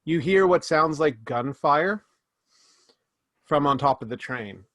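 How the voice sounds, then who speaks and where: A man's voice: a little high, lively intonation, a bit bright, dry recording. Game master man narrating, dry sound. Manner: descriptive, with quick restarts and fillers.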